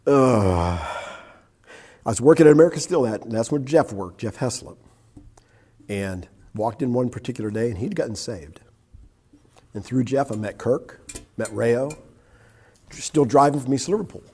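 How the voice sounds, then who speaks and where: An older man giving a personal testimony in church. He tells his story with a husky voice, acting out what was said and laughing at himself. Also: mid-range voice, normal speed, pauses often, warm tone, a little hiss or hum.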